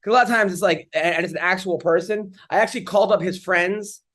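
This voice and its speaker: A man's voice: high-pitched, fast talker, a bit bright. A man telling stories on a comedy podcast, casual chat, rambling with lots of fillers and restarts.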